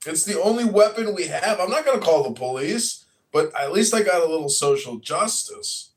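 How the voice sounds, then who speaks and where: A man hosting a podcast in casual chat, animated, swearing and acting out what others said. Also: sits high, moderate pace. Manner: animated, swears, acts out quotes loudly. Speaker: podcast host.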